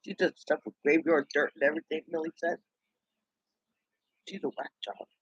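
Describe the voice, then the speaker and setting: A man's voice: a little high, normal speed, a bit bright, husky, no room sound. A man in a rambling, indignant gossip monologue, talking to himself. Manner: chatty, indignant, talks to himself. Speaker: vlogger. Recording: dull lo-fi dry recording.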